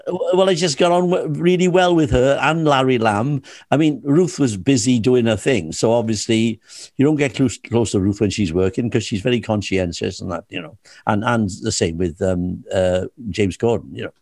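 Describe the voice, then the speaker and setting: A man's voice: mid-range voice, normal speed, darkish tone, dry recording, clean studio sound. An older man, a comedy actor chatting as an interview guest, telling anecdotes with laughs and restarts. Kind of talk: anecdotal chat.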